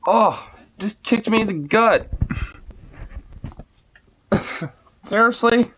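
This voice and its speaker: A man's voice: high voice, lively intonation, drawn-out words, long pauses, a bit bright, slight background noise, rough recording. A man talking casually to his pet dog, teasing and exasperated, swearing freely. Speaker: dog owner.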